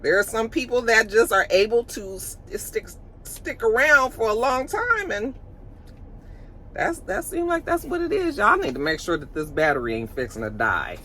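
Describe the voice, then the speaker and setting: Bright-voiced chatty woman vlogger. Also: a little high, normal speed, a little hiss or hum. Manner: chatty, gossipy, animated storytelling. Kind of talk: casual chat.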